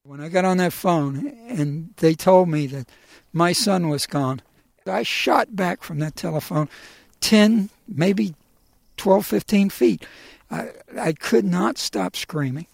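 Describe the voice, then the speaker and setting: A middle-aged man telling his own personal story in a halting, emotional way, with many pauses and fillers. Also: a little high, creaky, dry recording.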